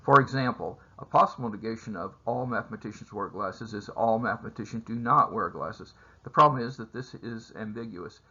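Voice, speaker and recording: A man teaching a math lesson over slides, explaining steps in a measured way with frequent filler sounds. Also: on the low side, pushed and bright, breathy edge, muffled recording. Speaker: math instructor. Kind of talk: recorded lecture over slides.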